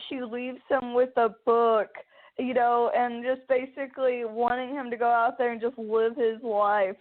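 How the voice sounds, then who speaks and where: A young woman hosting a podcast, rambling through a story with many restarts and getting emotional as she talks. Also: on the high side. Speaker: podcast host. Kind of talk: casual chat. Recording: phone-like narrow band.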